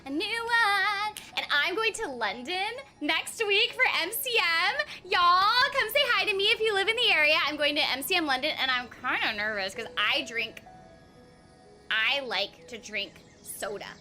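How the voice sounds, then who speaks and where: A woman's voice: very high-pitched, animated, normal speed, bright, forceful tone, soft background music. A young woman chatting casually to viewers on a game stream, bubbly and giggly, rambling from topic to topic. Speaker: streamer and voice actor.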